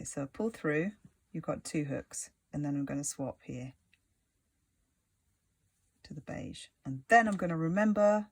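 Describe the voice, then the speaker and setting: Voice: medium pitch, vocal fry, husky, no echo. A crochet tutor giving a casual, rambling tutorial, full of "like" fillers and asides muttered under the breath. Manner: rambling, chatty, many "like" fillers.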